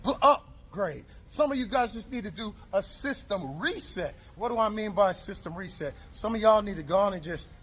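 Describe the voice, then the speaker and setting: A man's voice: high voice, expressive, moderate pace, few pauses, fairly bright tone, husky. A man giving a motivational talk to camera outdoors, preachy and repetitive, driving each point home with rallying questions. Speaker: motivational speaker. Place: outdoors in the rain.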